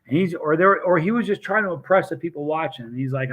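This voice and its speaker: Brief Man, somewhat higher voice, casual live-stream host, animated storyteller who acts out the people in his stories. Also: fast talker, narrow, tinny audio.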